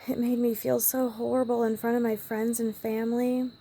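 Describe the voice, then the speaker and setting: Gravelly-voiced woman telling a personal story. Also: on the high side, flat delivery, moderate pace, a little hiss or hum. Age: adult parent. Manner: emotional, drops to a hushed whisper at times. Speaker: vlogger.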